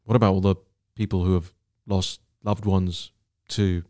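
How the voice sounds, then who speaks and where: A man's voice: low-pitched, level tone, normal speed, dark tone, dry recording, studio quality. A man hosting a solo political commentary podcast, talking in an indignant, emphatic way and repeating words for stress.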